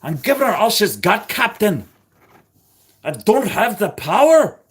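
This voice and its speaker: A man's voice: high voice, sing-song, measured pace, husky, voice pushed up, exaggerated voice. A man putting on a Scottish accent to play a frantic starship engineer who pleads with his captain. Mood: straining. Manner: strained, pleading, loud.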